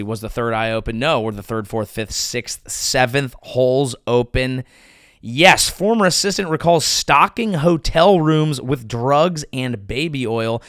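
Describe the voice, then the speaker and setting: A male comedian hosting his own podcast, riffing crude jokes in an animated monologue on a close mic. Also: mid-range voice, a little slow, no room sound. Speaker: comedian host.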